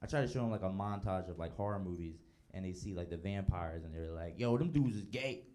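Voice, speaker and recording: A man's voice: deep voice, fairly even intonation, fast talker, darkish tone. A man performing a stand-up comedy set with a laid-back delivery. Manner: laid-back delivery, acts out quoted voices. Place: live comedy show with audience.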